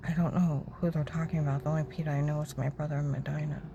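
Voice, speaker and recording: A woman telling a long, rambling, agitated story about her own grievances, repeating herself and acting out other people's shouting. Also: low voice, level tone, fast, few pauses, a little hiss or hum, rough recording. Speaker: storyteller recounting personal grievances. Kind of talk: rambling personal monologue.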